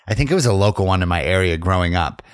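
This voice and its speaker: Young male co-host, rambling, swears, laughs through his stories; animated pitch. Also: rapid-fire, smooth. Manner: laughing, rambling storytelling with profanity. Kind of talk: casual chat.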